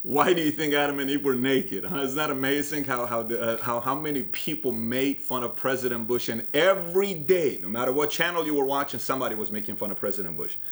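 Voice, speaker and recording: A man with an Iranian accent hosts a motivational talk, speaking straight to his viewers. He tells stories with energy and keeps asking them questions. His voice sits at an ordinary middle pitch. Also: fairly quick, hardly any pauses. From Iran. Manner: direct, questioning the viewer, animated storytelling. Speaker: host.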